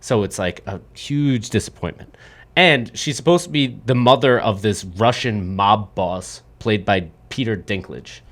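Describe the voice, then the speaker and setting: A man's voice: lowish voice, measured pace, a bit bright. A man hosting a podcast, ranting in casual, profane chat about a movie he disliked. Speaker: podcast host.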